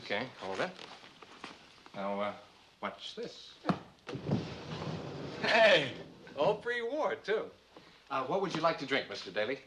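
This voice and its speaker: A man's voice: fairly high pitch, very animated, slow pace, long pauses, noisy background. A young actor playing an eager, ingratiating rich student who fusses over his guests in a 1950s film. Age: young adult. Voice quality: eager, talkative, fussing host. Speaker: law student.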